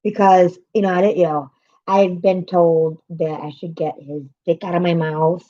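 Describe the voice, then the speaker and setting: A woman's voice: on the low side, fairly even intonation, normal speed, mellow, lo-fi sound. A woman live streamer, upset and swearing as she vents to her chat and greets viewers by name.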